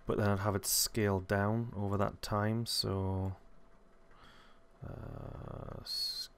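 A man hosting a casual software tutorial, rambling and correcting himself as he thinks aloud. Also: fairly low pitch, flat delivery, takes it slowly, vocal fry, slight background noise. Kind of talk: casual screen-recorded tutorial.

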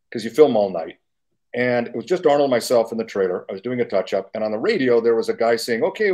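A man's voice: mid-range voice, darkish tone. A man in his sixties, a guest makeup artist, telling casual stories in a rambling, self-correcting way with chuckles, speaking over a remote video call. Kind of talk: casual anecdotal storytelling.

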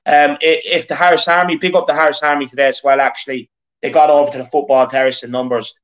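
An Irish man around thirty hosts a football fan channel, delivering a casual rant in a fast, high-ish voice with fairly even intonation. He speaks earnestly, repeating himself as he rallies the fans, on dull lo-fi audio.

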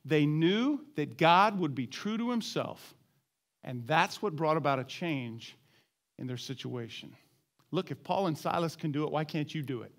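A man preaching a sermon as a church pastor, asking the congregation questions and drawing them into call-and-response, dropping to a low, quiet voice on his key points. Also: lively intonation, normal speed. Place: church sanctuary.

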